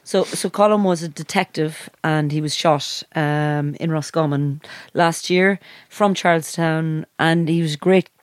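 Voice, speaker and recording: A woman's voice: sits low, steady tone, unhurried, no echo, studio quality. A woman in casual chat, bluntly questioning and teasing her co-host.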